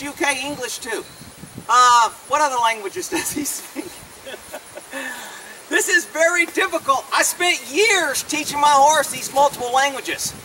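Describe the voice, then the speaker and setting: A man with an unusually high, bright voice trains his horse, mocking and blunt in tone. The sound is distant, picked up outdoors with faint background noise. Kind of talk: sarcastic training demonstration. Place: outdoors at a rural farm with a horse.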